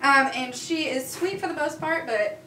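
A woman's voice: high voice, moderate pace, sharp tone, echoey room, recorded from a distance, a little hiss or hum, rough recording. A woman asking about dog training in a casual, hesitant chat. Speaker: guest trying dog training.

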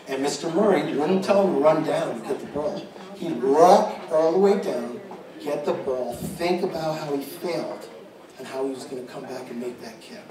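Speaking at an event, this man, a father, delivers a wandering tribute with many restarts and repeated words, his voice on the high side, animated, and at a normal speed. A crowd can be heard behind him in the large, echoey room. The recording picks up hall echo and background noise from a faraway microphone.

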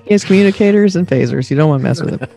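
Podcast co-host, mid pitch, very lively intonation, quick interjections, faint music. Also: gravelly. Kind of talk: casual review chat.

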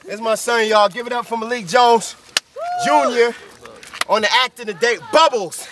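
A man's voice: very high-pitched, fairly even intonation, normal speed, noisy background. A man who raps and sings, joking around in slangy, rhyming banter on a music video set. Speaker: rapper and singer. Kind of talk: playful behind-the-scenes banter. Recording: roomy sound from a distant camera mic with music.

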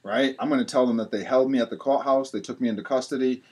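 Casting: husky-voiced podcast guest from Rhode Island, animated storyteller, mid pitch. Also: male voice, fast. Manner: animated, acts out other people's lines. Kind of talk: candid storytelling.

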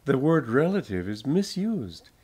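A man's voice: medium pitch, sing-song, a little mellow, slightly rough. An older American man, a spiritual teacher, giving an informal talk to an audience, telling stories and laughing often as he goes. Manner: slow, chuckling storyteller.

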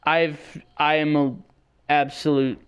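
Young male let's-player, slightly high, unhurried, silly and self-deprecating, breaks into goofy yelps. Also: little pitch movement, fairly bright tone. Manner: rambling, self-mocking, bursts into goofy yelps. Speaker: gamer commentating his own play. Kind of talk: casual let's-play commentary.

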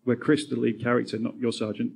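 A male host with a husky voice at a middle pitch asks long, winding questions, piling up "sort of" as he goes. He is leading a live interview on stage. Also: level tone, quick pace, a little mellow.

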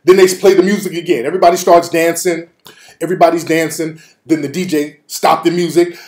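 A man hosting a show, telling a comedic story in an animated, profane way, laughing as he goes. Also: on the high side, fairly quick. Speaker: host. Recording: roomy echo.

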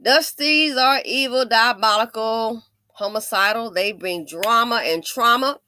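A woman's voice: on the high side, a little slow, pushed and bright, no echo, studio quality. A woman doing true-crime commentary in an emphatic, sassy, preachy way.

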